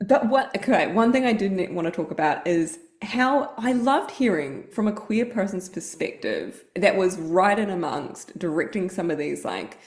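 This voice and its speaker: A woman co-hosting a fan podcast, chatting casually and gushing with excited little noises. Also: on the low side, normal speed, few pauses, echoey room. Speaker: podcast co-host.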